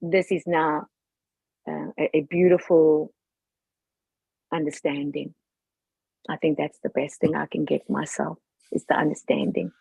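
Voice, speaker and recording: Husky woman telling an excited story. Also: low-pitched, a little slow, long pauses, no room sound. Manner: animated, laughs often, acts out her own past thoughts. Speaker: participant sharing a testimony on a group call. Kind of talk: casual emotional storytelling.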